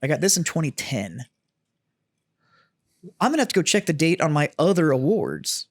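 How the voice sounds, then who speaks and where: Higher-pitched veteran co-host, relaxed and profane, explains the rules. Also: male voice, moderate pace, slightly rough, no echo, clean studio sound. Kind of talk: casual chat.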